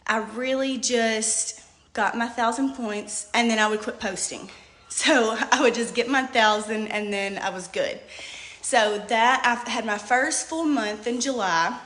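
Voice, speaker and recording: A woman's voice: fairly high pitch, fairly bright tone, roomy sound. A woman, talking nervously and rambling on a live video, holding back tears. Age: late 20s. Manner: nervous, rambling, says um often. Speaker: hairstylist and product seller.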